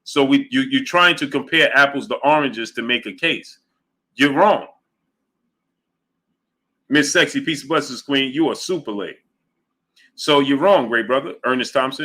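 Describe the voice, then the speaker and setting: Bright-voiced man arguing boxing on a livestream. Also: medium pitch, moderate pace. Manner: emphatic, argumentative, repeats his points. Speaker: boxing show host. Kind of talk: livestream commentary reading viewer chat.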